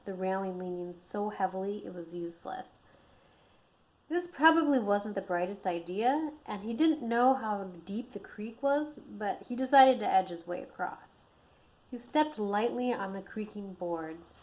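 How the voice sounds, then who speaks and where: A woman reading her own fantasy novel aloud, expressive, dropping her voice low and soft on tense moments. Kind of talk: audiobook narration.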